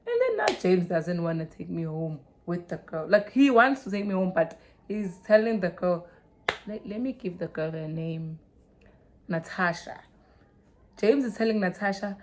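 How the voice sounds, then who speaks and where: A young South African woman telling a story in a casual, animated way, mixing Zulu into English and swinging from loud to hushed. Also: mid-range voice, normal speed, a little hiss or hum. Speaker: vlogger.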